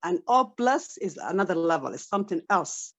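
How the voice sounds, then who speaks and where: Low-voiced enthusiastic woman on a call. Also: expressive, normal speed. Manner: enthusiastic, simple phrasing. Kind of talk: casual group call.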